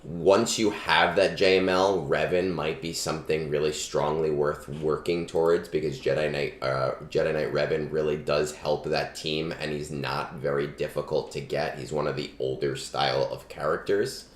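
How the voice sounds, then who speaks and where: A man streaming live and giving game advice in a relaxed, chatty way, full of ums, on a cheap starter microphone. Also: rumbling low, moderate pace, hardly any pauses. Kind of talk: casual live-stream chat. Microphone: budget starter microphone. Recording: echoey room, cheap mic.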